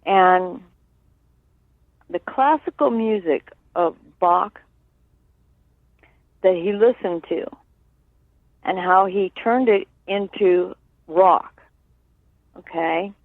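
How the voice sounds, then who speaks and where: A woman's voice: mid-range voice, no echo. Woman talking over a tinny phone line. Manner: earnest, halting with many fillers, tag questions. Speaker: guest, sister of a late musician. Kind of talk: candid interview over the phone.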